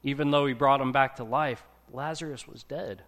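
A man giving a casual, conversational sermon to a congregation, often pausing to check in with his listeners. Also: mid-range voice, steady tone, fairly bright tone. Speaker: preacher.

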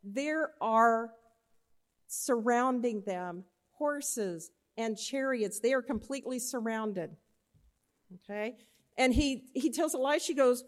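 Lively, fairly high-voiced woman telling a chapel story. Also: slow. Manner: animated, acts out characters in the story; checks in with listeners, often saying "okay?". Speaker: chapel speaker.

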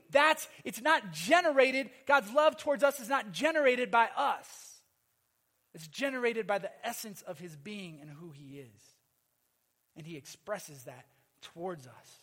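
A man's voice: very high-pitched, a bit bright. A middle-aged male pastor preaching a sermon, emphatic, repeating his phrases and calling the congregation to say amen.

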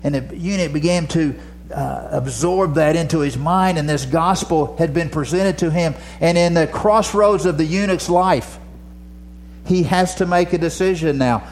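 A man preaching a sermon, telling stories dramatically and dropping from loud passages to a near whisper. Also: fairly high pitch, moderate pace, slight background noise.

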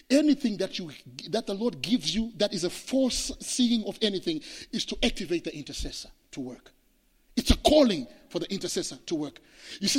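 A man from Zimbabwe, preaching a sermon as pastor, telling stories emphatically and swinging from hushed to loud. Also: high voice. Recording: long hall reverb.

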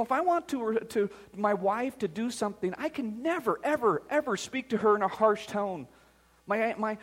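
A middle-aged man preaching a sermon as pastor, earnest and emphatic, in a church sanctuary. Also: high-pitched. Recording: long reverb of a large hall.

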